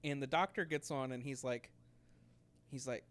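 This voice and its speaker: A man's voice: mid-range voice, steady tone, moderate pace, a bit bright. A young man telling a story in casual podcast chat, rambling with many fillers and acting out quotes. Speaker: podcast co-host.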